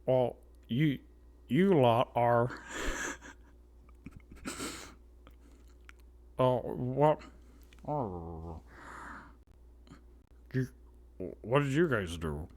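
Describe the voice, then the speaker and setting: A man's voice: mid-range voice, drawn-out words, pauses often, darkish tone. A man voicing a confused adventurer who stammers in disbelief. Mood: bewildered. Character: bewildered adventurer in a lion costume.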